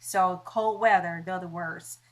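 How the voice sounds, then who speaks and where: A woman's voice: fairly low pitch, steady tone, moderate pace. A woman hosting a casual livestream from her phone, chatting and stumbling over medical words. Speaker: livestream host.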